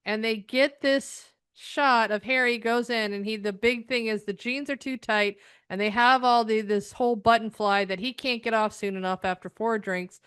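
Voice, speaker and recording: Casting note: middle-aged woman, US, sarcastic TV reviewer, smooth clear voice, fairly high, dry close sound. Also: fairly even intonation, moderate pace, hardly any pauses, fairly bright tone, no room sound. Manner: sarcastic, exasperated, rambling. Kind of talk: ranting episode review.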